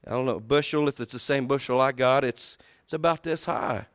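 A man preaching a sermon, telling a Bible story in a folksy way, swinging between loud, high bursts and low, quiet asides. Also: lively intonation, brisk, few pauses, no room sound, clean studio sound.

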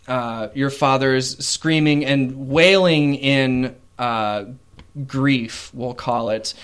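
A man runs a tabletop game, narrating scenes in a casual, rambling way. His voice sits at an ordinary pitch. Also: slow pace, fairly bright tone, clear, resonant tone. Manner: casual, with fillers and voiced characters. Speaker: game master.

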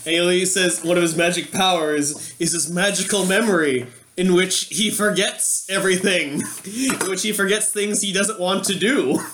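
A man's voice: sits high, moderate pace, roomy sound, background noise. A man co-hosting a casual podcast chat, rambling with lots of "like" and "literally". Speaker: podcast co-host.

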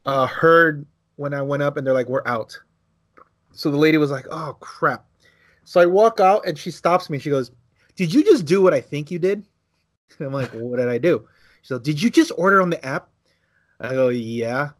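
A man co-hosting a podcast, telling a casual story, acting out quotes with big jumps in his voice and swearing freely. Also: normal speed. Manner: animated, acts out quotes with big pitch jumps. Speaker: podcast co-host.

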